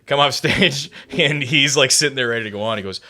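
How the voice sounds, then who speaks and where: A man's voice: mid-range voice, fairly quick, bright, forceful tone. A man telling comedy-club stories in casual podcast chat, laughing often as he talks. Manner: laughing anecdotal storyteller.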